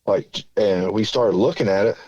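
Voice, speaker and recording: A man's voice: fairly low pitch, moderate pace, darkish tone, no echo, muffled recording. A man from southern Indiana calling in, telling a story in a rambling, folksy way with lots of fillers. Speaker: caller. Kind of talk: casual storytelling.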